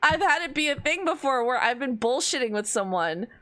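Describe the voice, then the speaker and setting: A woman's voice: high-pitched, animated, fairly quick, fairly bright tone. A young woman streamer chatting casually while gaming, rambling and self-interrupting with lots of "like".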